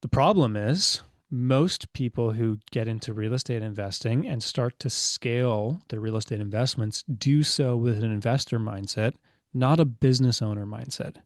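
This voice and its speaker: A man's voice: medium pitch, moderate pace, dry recording, studio quality. A man in his thirties, a podcast guest telling stories casually, full of fillers and acting out quoted dialogue. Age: 30s. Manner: chatty, many fillers, acts out quoted dialogue. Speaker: podcast guest, business owner. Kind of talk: casual storytelling interview.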